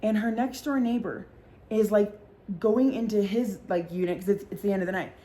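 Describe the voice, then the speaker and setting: A woman tells a story in casual podcast chat, packing her talk with fillers and swearing freely. Her voice sits in an ordinary middle pitch. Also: fairly even intonation, warm tone. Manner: fast-talking, full of fillers and swearing. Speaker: podcast host.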